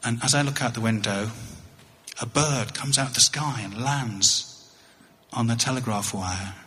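A middle-aged English man telling a wry story on stage as a touring comedian, halting and often repeating his words. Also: medium pitch, bright, forceful tone. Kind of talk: storytelling stand-up. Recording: echoey hall.

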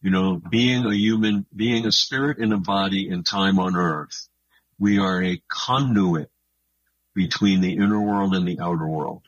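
A man being interviewed on the radio about his books, talking in an earnest, thoughtful and unhurried way. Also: deep voice, no echo, lo-fi sound. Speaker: guest author.

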